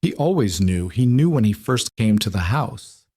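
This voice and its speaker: A man's voice: on the low side, sing-song, normal speed, darkish tone, breathy edge. A man voicing an insecure adult husband who confesses hesitantly and apologetically in an audiobook.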